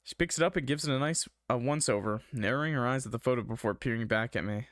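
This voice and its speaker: A man's voice: medium pitch, fast talker, fairly bright tone, no room sound, studio quality. A young man streaming a visual novel, reading the story aloud with a dramatic tone and breaking off for casual jokes. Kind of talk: reading a game aloud with jokey asides.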